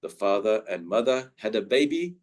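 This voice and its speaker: A man presenting an online pronunciation lesson, stretching out each example word with care. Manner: drawn-out example words with lively pitch. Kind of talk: slow, careful pronunciation lesson.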